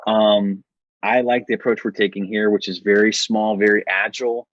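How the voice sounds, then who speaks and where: A man's voice: fairly low pitch, level tone, normal speed, dry recording, dull audio. An American man on a podcast as a guest, telling stories in a rambling, self-correcting way and laughing often. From United States. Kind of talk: casual interview storytelling.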